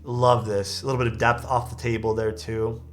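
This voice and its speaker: With a mid-range voice, level tone, and normal speed, a man reacts casually to viewers' keyboard photos on a live stream. He is enthusiastic and easygoing, offering lots of praise.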